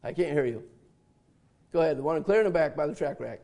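An older male pastor delivers a sermon in a high, gravelly voice. He draws words out of the congregation and repeats them back. He slips into folksy stories with a chuckle. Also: expressive, fast, warm tone. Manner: interactive, asks congregation and repeats answers; folksy storytelling with laughs.

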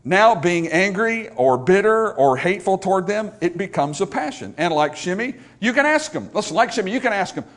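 Male pastor, high, animated voice, emphatic sermon with call-and-response. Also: brisk, few pauses.

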